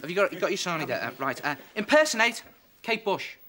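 A man's voice: high voice, sing-song, racing. A man hosting a live children's TV quiz with cheeky, joking patter. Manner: cheeky, jokey quizmaster patter. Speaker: quiz host. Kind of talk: live kids' TV game. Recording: noisy live broadcast.

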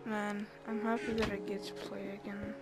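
A woman's voice: medium pitch, level tone, normal speed. A young woman giving casual, chatty commentary while playing a video game, thinking aloud and bursting into laughs and squeals. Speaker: gamer. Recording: game music behind the voice.

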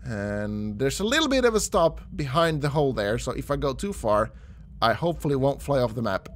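A young man commentating his own mini golf game play, talking to himself and his viewers, gasping and yelling when shots go well or badly. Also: mid-range voice, a little fast. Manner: excitable, gasping and shouting at shots. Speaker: gaming YouTuber.

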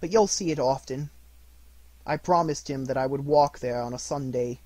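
Kind poor clerk father, mild, gentle, dry close sound, voiced by a man. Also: medium pitch, normal speed, no room sound, lightly acted.

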